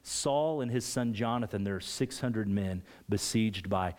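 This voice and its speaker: A man preaching a sermon, retelling a scripture story with animated emphasis. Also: fairly low pitch, a little slow.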